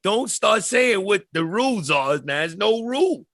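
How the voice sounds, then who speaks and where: A man co-hosting a podcast, chatting casually, blunt and forceful. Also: high voice, sing-song, unhurried. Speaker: podcast co-host.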